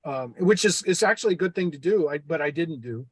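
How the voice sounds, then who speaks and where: An older man with a somewhat high voice talks through a letter he wrote, reading parts of it aloud in an earnest, formal way. The sound is close and dry, with no room around it. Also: expressive, fairly quick, slightly rough, no echo. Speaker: host.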